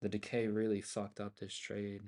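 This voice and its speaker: A man's voice: lowish voice, completely flat delivery, normal speed, darkish tone. Profane ranting man streaming trades. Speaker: livestream options trader. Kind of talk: profane ranting commentary on a trading livestream.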